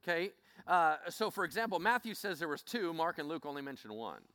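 A man preaching a Bible teaching in an animated way, acting out scenes as he speaks. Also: fairly high pitch, fairly quick, smooth. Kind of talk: sermon.

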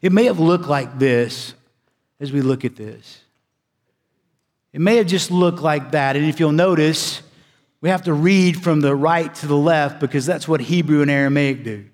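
A male pastor preaches a sermon in a large hall, using dramatic pauses and swinging between loud emphasis and a hushed, low delivery.

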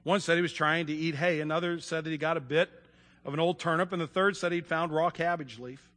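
A man delivers a sermon in a folksy, animated manner, stumbling over fillers as he retells a story. His voice is high and bright. A long reverb from a large church hall hangs behind every word. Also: fairly quick. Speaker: pastor. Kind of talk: sermon with read-aloud story.

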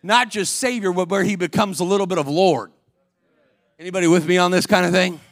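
High-voiced energetic male preacher. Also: fairly quick, no echo, clean studio sound. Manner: energetic, calls out to the congregation, acts out voices in stories. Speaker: guest preacher. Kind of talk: sermon. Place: church.

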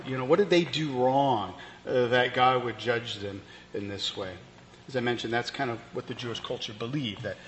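A man's voice: medium pitch, fairly bright tone. A man preaching a sermon in a conversational way, with fillers and restarts as he explains the text. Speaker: pastor. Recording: long reverb, faint ambient noise.

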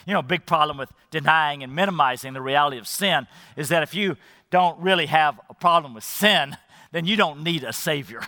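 A man's voice: fairly high pitch, moderate pace, pushed and bright, no echo, big-room sound. A male pastor preaching a sermon emphatically, appealing directly to the congregation.

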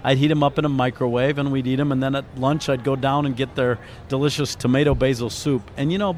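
A man's voice: medium pitch, steady tone, quick pace, darkish tone, a little hiss or hum. A middle-aged man, a guest on a faith radio interview, telling a heartfelt personal story in an earnest, reflective way. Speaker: interview guest, author and ministry founder.

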